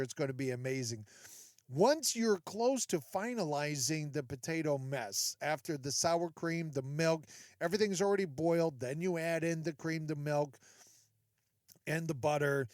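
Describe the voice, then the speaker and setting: A chatty, joking man hosts a solo podcast and talks right to his listeners. His voice sits a bit high. The sound is dry and close. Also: no echo. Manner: chatty, jokey, talks straight to listeners with asides. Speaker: podcast host. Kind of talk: solo casual podcast monologue.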